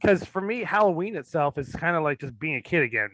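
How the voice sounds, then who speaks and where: A man's voice: a little high, animated, fast, a bit bright, slight background noise, poor audio. A man hosting a casual chat about movies, joking, rambling and laughing often. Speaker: host of a movie screening show.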